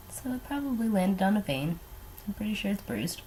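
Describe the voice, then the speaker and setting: A woman's voice: mid-range voice, slight background noise. A young woman chatting casually while doing her makeup at home, rambling and hesitant with lots of ums and trailing asides. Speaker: beauty vlogger. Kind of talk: casual get-ready-with-me chat.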